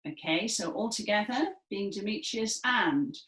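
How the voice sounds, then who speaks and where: A woman leading a gentle seated movement session, speaking clearly and encouragingly with some dramatic emphasis. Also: mid-range voice, expressive, unhurried. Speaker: movement and music session leader. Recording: echoey room.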